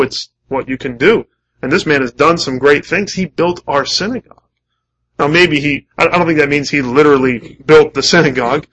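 A man's voice: fairly high pitch, fairly bright tone, rough recording. A man preaching a sermon, emphatic and repeating key phrases, with rhetorical questions to the congregation. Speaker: pastor.

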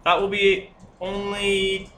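A man's voice: high-pitched, monotone, slow, fairly bright tone. A man playing a tabletop game, rambling through his character's actions with lots of fillers. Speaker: player. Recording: echoey room with faint hiss.

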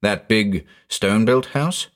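A man voicing an excitable rustic farmer who talks in folksy backcountry speech with an excited quaver. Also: on the low side, a little slow, close to an everyday voice. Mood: astonished.

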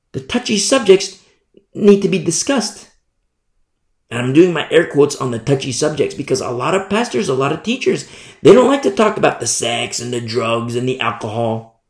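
Gravelly male preacher in an echoey room. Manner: emphatic, repeats phrases, pitch climbs high when stressing points; stumbles over words, quotes scripture verse by verse. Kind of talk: sermon. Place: church.

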